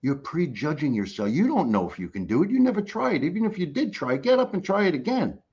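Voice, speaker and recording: A man's voice: fairly high pitch, very animated, quick pace, darkish tone, breathy edge, dull audio. A middle-aged man, a guest life coach, giving an emphatic motivational talk on a call, repeating key phrases for effect in a blunt, casual way.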